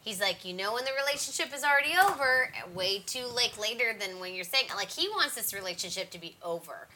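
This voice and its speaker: A woman co-hosting a casual podcast chat, animated and swearing freely, often acting out quotes in other voices. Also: fairly high pitch, fairly quick, a little hiss or hum. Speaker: podcast co-host.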